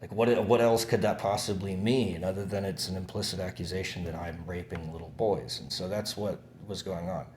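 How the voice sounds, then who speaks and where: Rambling, cursing young man, very deep voice. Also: steady tone, brisk, hardly any pauses, background noise. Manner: rambling, profane, many fillers and restarts. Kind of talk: casual monologue recounting events.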